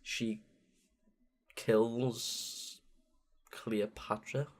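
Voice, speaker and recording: A young man co-hosting a podcast, chatting about games in a lively way, laughing often and cutting in mid-sentence. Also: mid-range voice, very slow. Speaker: podcast co-host. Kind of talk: casual chat about video games.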